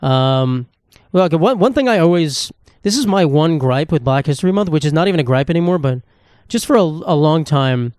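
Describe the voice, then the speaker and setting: A man's voice: a little high, animated, brisk, a little mellow, no room sound, studio quality. A man hosting a solo comedy podcast, rambling in a casual, sarcastic and profane way. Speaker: podcast host.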